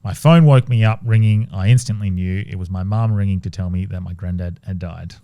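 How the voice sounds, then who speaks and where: Low-voiced man reading ghost stories. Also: a little fast, no echo. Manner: relaxed, swears casually, trails off and restarts while reading. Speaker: podcast co-host. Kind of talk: casual podcast chat, reading listener stories aloud.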